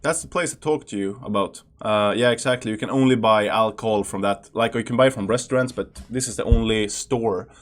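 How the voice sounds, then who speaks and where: A man's voice: on the low side, fairly quick, hardly any pauses. A young Swedish man with a Swedish accent, giving loose, chatty reaction commentary with plenty of fillers and restarts. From Sweden. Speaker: reaction channel host.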